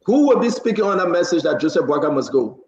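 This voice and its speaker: A man's voice: on the high side, sing-song, fast talker, noisy background. A man hosting a heated political talk show, pressing and interrupting his guests. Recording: echoey, dull lo-fi sound.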